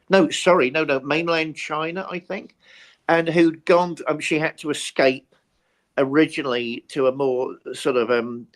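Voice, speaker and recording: A British man co-hosting a talk show, ranting passionately about politics. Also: mid-range voice. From Britain. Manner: impassioned, ranting. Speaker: co-host. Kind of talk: opinionated talk-show chat.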